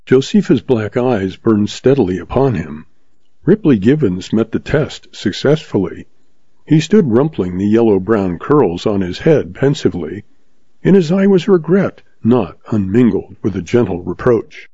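A man narrating a story in a steady audiobook reading. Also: on the low side, unhurried, slightly rough, no echo. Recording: slightly dull, dry recording.

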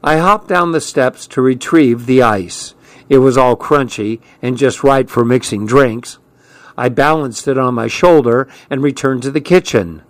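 A man reading a first-person story aloud as an audiobook narrator, with steady storytelling delivery. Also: medium pitch, no room sound. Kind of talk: scripted narration.

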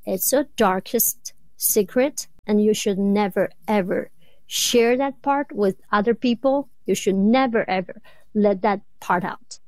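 A woman in her thirties from rural China, a Chinese native speaker, talking as an interview guest with a clear stutter of repeated sounds and blocks. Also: mid-range voice, unhurried, darkish tone, no room sound. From rural southwest China. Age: 30s. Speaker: guest, doctoral student. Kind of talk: interview conversation.

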